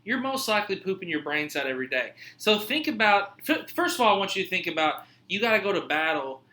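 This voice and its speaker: A man's voice: sits high, very animated, fast, pushed and bright. A male podcast host in casual chat, rambling through jokey stories and swearing freely. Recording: echoey room.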